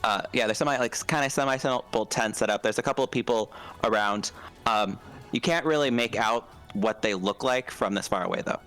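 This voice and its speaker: Man, game master narration, halting with fillers, bright tone, faint music behind. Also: fairly low pitch. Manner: hesitant, full of fillers and restarts. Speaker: dungeon master.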